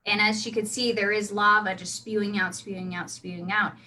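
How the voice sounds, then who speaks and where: A woman's voice: mid-range voice, flat delivery, fairly quick, pushed and bright, a little hiss or hum, poor audio. A woman casually telling her role-play character's backstory, chatty with many restarts. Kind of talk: casual storytelling.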